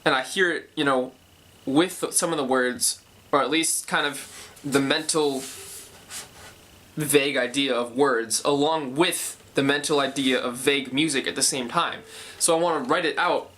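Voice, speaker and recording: A young man with a medium-pitched, bright and forceful voice talks casually at a moderate pace about how he writes songs. He thinks aloud and corrects himself as he goes, explaining his songwriting process.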